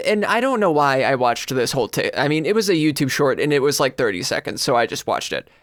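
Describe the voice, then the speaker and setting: A man's voice: fairly high pitch, fairly bright tone, clean tone, dry recording. Rambling male podcast co-host, dry sound. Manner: rambling, self-correcting storyteller. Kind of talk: casual chat.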